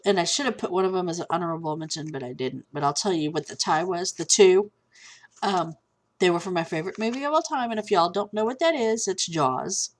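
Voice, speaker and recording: A woman's voice: fairly low pitch, lively intonation, a little fast. Chatty woman vlogger. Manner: chatty, candid, easily sidetracked. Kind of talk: casual chat. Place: at home with a cat.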